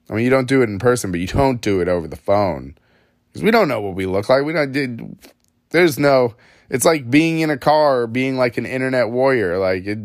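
A man's voice: mid-range voice, no room sound, clean studio sound. A man hosting a solo podcast, ranting in a rambling, self-mocking, profane way. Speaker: podcast host.

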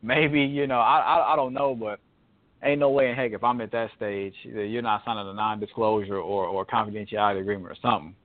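A man's voice: on the low side, steady tone, a little fast. A man co-hosting a podcast, chatting casually in a laid-back, hesitant way that repeats words. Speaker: podcast co-host. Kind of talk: casual chat. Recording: tinny phone-like audio.

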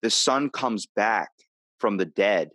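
Podcast host, male, low-ish pitch, dry sound, loose rambling storyteller. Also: animated, slow, pushed and bright, dry recording. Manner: rambling storyteller, restarts and retells plots. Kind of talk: casual chat.

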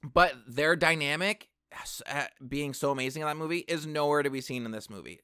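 A man casually reviewing a film on camera, rambling and excitable, with lots of fillers and asides. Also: a little high, fairly quick, clean tone, no echo, studio quality. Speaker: movie reviewer. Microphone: camera mic.

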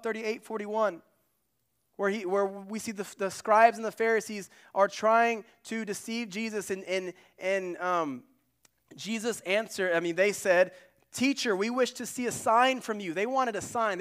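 A male pastor delivers a sermon in a fairly high voice. He preaches earnestly, pressing hard on key phrases and then dropping to hushed, quiet asides. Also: steady tone, moderate pace, smooth.

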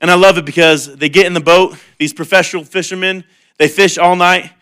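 A man's voice: sits high, fairly even intonation, fairly quick, a bit bright, smooth. A man preaching a sermon in an earnest, conversational way, mixing humor with heartfelt appeal. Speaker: pastor.

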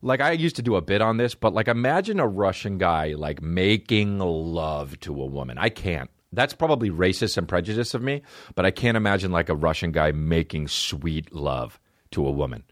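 A man's voice: low voice, normal speed, dry recording, studio quality. A man hosting a comedy podcast, riffing in a rambling, profane monologue. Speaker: podcast host. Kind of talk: stand-up style comedy monologue.

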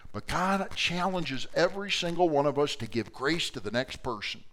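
A man's voice: a little high, lively intonation, normal speed. Dynamic older male Bible teacher. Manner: dynamic, swings from loud emphasis to quiet asides. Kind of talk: sermon-style Bible teaching. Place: church classroom before a live audience.

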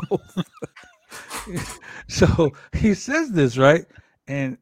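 A man's voice: a little high, very slow, husky. A man co-hosting a wrestling podcast, swearing freely and telling loose, rambling stories in casual chat. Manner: profane, storytelling, animated.

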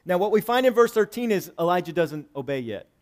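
A male pastor preaching a sermon, swinging between loud emphatic lines and hushed low ones, reading scripture and explaining it conversationally. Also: very animated, brisk. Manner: reads scripture aloud and paraphrases it conversationally.

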